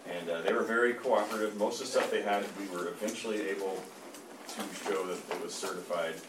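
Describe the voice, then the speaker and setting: A man, an engineer, giving a measured report in a meeting, with plenty of fillers. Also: lowish voice, steady tone. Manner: plain, measured, halting with fillers. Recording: echoey room, distant mic, noisy.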